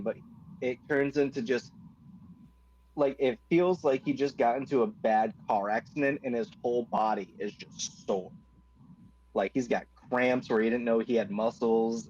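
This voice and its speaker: A man's voice: mid-range voice, darkish tone. A man playing a tabletop game in casual chat, rambling with many fillers and some swearing. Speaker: player. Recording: dull audio with faint noise.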